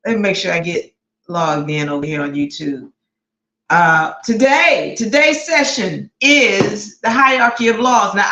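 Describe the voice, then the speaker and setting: Slow, chatty woman hosting a live class. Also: mid-range voice, fairly bright tone. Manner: chatty, greets viewers one by one, repeats words. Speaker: online law class host. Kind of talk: casual livestream teaching. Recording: echoey room.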